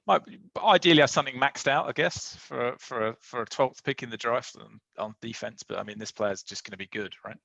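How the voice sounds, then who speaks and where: Gravelly man hosting a draft chat. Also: mid-range voice, fairly quick, few pauses, a bit bright, dry recording, muffled recording. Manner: musing, hesitant, with many restarts and fillers. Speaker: league host leading a draft recap. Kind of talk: casual chat.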